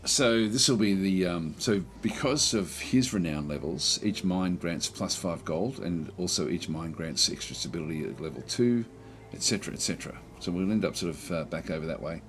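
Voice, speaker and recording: A man giving relaxed let's play commentary on a strategy game, thinking aloud with many fillers and restarts. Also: deep voice, moderate pace, hardly any pauses.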